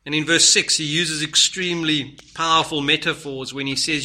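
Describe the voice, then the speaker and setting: A man preaching a sermon, earnest, moving between loud stresses and hushed lines. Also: a little high, steady tone, normal speed, hardly any pauses.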